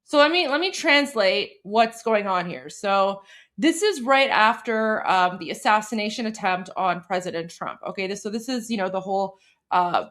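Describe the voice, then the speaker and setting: A woman's voice: medium pitch, lively intonation, moderate pace, fairly bright tone, faint music behind. A woman from Canada hosting a political commentary show, explaining and translating a video clip in a chatty way with many fillers and restarts.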